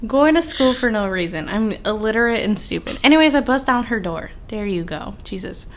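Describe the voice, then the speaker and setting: A young woman co-hosting a podcast in casual chat, telling animated, rambling stories full of fillers. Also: mid-range voice, brisk, a little hiss or hum. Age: young adult. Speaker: podcast co-host.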